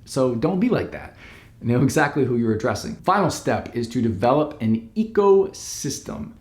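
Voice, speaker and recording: A man's voice: medium pitch, darkish tone. Emphatic male coach in an echoey room. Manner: emphatic and direct. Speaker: business coach. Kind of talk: instructional talk to camera.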